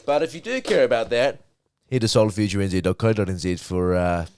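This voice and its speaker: A man's voice: on the low side, fast, a little mellow, slight background noise. A young man in his twenties with a New Zealand accent, co-hosting a casual podcast with jokey, rambling banter. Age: 20s. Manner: jokey, mock-ad rambling, drops to a mumble. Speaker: podcast co-host.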